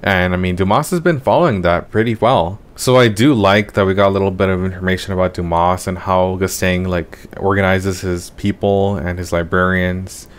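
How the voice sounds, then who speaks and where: A man with a slightly low voice is reviewing a webcomic chapter in a casual, rambling rant. He sounds exasperated and swears freely. He keeps ending his sentences with "man" and "dude.". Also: fairly even intonation, normal speed, few pauses. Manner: exasperated, profane, ranting.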